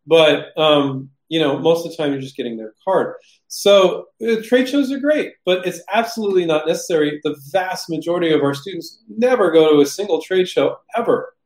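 A man hosting a casual live Q&A on product licensing, talking animatedly and acting out the people he describes in quick voices. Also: fairly high pitch, lively intonation. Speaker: host answering viewer questions. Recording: roomy echo.

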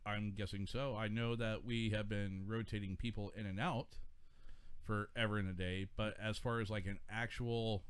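A man's voice: fairly low pitch, level tone, moderate pace, clean tone. A man in his forties hosting a casual talk radio show, reading news items aloud and joking about them. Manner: reads news items aloud then jokes.

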